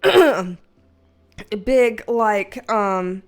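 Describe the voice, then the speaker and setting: A woman's voice: a little high, measured pace, faint music behind. Chatty woman tarot reader, rambling. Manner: chatty, rambling, emotional, many fillers. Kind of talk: casual tarot reading video.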